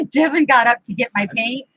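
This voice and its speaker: A woman's voice: sits high, sharp tone, breathy edge, rough recording. A middle-aged woman hosting a home craft live stream. She chats casually while she works and playfully scolds and teases the kids around her. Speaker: craft channel host. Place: home craft room, indoors. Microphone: computer mic on the desk.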